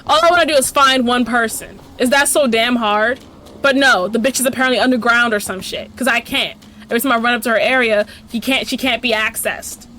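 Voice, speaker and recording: A woman's voice: fairly high pitch, a little fast, pushed and bright, slight background noise. A woman giving gameplay commentary, swearing freely, ranting sarcastically and talking back at the game's characters. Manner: talks to the game characters. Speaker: let's play host.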